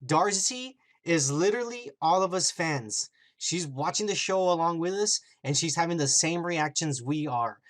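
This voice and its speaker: A man's voice: a little high, moderate pace, hardly any pauses. Man recapping a TV episode in a casual, swearing podcast chat. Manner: animated, profane retelling with acted-out quotes. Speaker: podcast host.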